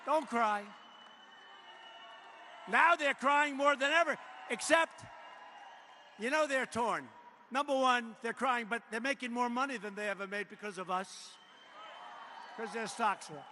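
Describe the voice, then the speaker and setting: Boastful man shouting a rally speech. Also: very high voice, unhurried, pauses often. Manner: boastful, repetitive, swings from quiet asides to shouts. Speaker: political speaker at a rally. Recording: echoey arena with faint crowd noise.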